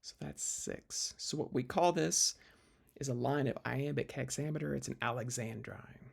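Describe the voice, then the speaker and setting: A man's voice: mid-range voice, moderate pace, creaky, breathy edge. A man teaching literature in a recorded lecture video, explaining step by step with fillers and restarts.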